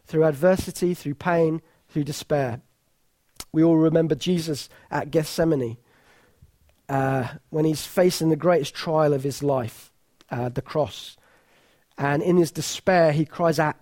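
A middle-aged man preaching a sermon, earnest and emphatic, often dropping to soft, intimate tones. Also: high voice, dry recording.

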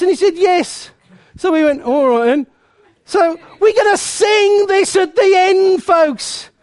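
A man's voice: very high voice, no room sound, clean studio sound. A man preaching a passionate sermon, breaking into snatches of sung choruses. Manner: passionate, bursts into snatches of song.

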